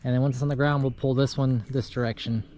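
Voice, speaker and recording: A man's voice: medium pitch, level tone, quick pace, mellow. A man casually narrating his tree service work day, chatty and laid-back as he works. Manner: chatty, laid-back, talks while working. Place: outdoors in a yard. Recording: outdoor work noise behind voice.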